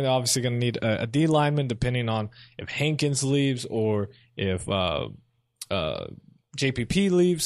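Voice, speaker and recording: A young adult man hosting a solo sports show, giving casual, opinionated commentary and thinking aloud as he goes. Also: a little high.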